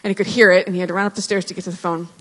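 A woman in her thirties giving a personal testimony in church, earnest and reflective, with pauses and restarts. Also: on the low side, flat delivery. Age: 30s. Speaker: church speaker sharing testimony. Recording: hall reverb.

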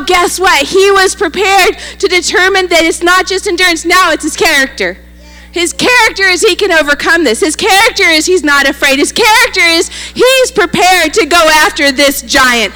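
A woman's voice: high voice, sharp tone, in a large hall. A woman pastor preaching a sermon, telling a story animatedly and acting out the quoted lines.

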